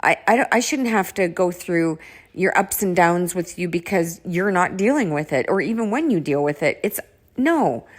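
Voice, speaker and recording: A woman's voice: lowish voice, moderate pace. Blunt, swearing woman telling a story. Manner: blunt and profane, frequent swearing; exasperated, animated delivery with restarts. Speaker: vlogger telling a personal story. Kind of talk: casual storytelling monologue.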